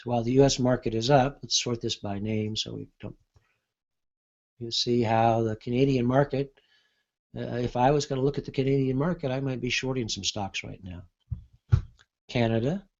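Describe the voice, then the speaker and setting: Man, mid pitch, unscripted demo, halting and thinking aloud, muffled lo-fi recording. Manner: thinking aloud, hesitant with many fillers. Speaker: market analyst demonstrating software. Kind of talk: unscripted screen-share demo.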